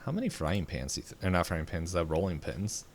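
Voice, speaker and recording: A man's voice: deep voice, sing-song, quick pace. A young man co-hosting a podcast in casual chat, rambling with many fillers and restarts. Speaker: podcast co-host.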